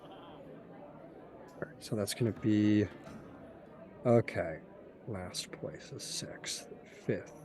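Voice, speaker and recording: A man's voice: on the low side, expressive, drawn-out words, pauses often, warm tone. A man narrating a tabletop game as its game master, talking in a casual, chatty way full of fillers.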